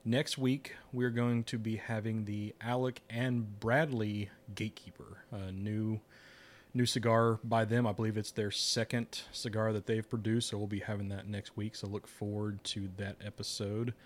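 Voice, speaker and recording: Chatty low-voiced male podcast host. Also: little pitch movement, normal speed. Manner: chatty, rambling with restarts and laughs. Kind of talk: casual chat.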